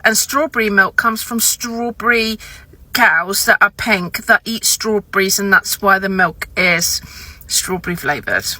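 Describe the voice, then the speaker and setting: A woman's voice: mid-range voice, measured pace, sharp tone, no room sound. A woman in a casual social media clip, sounding incredulous.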